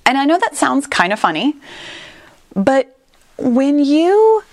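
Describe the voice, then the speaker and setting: An earnest woman speaks straight to her listeners in a motivational solo talk. Her pitch swings widely as she leans on and stretches out the words she wants to stress. The sound is dry and close, with no room echo. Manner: earnest and emphatic, with animated pitch leaps and drawn-out stressed words.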